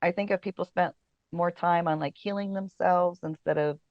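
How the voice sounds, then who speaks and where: A chatty woman guest tells stories in a loose, easygoing way, full of fillers and quick laughs. Her voice sits at a middle pitch. The sound is dry and a little dull, as on a modest podcast setup. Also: fairly even intonation, no room sound. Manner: chatty storyteller, many fillers, laughs often. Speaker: casting director and podcast guest. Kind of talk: casual interview chat.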